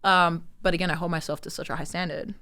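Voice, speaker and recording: A woman, telling her story as an interview guest in an animated way, acting out quotes and using lots of fillers. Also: lowish voice, fast, smooth. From Sydney, Australia. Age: 20s.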